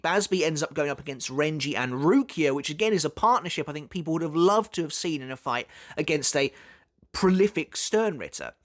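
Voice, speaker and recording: A man's voice: fairly high pitch, a bit bright. Chatty man analyzing an anime. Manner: chatty, with frequent fillers and restarts. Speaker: anime commentary YouTuber. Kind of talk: casual video essay analysis.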